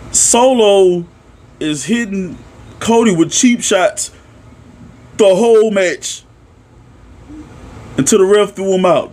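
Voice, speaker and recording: Profane, animated young man recapping wrestling. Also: high-pitched. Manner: animated and profane, shouting at peaks. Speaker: wrestling reaction vlogger. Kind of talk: excited casual recap.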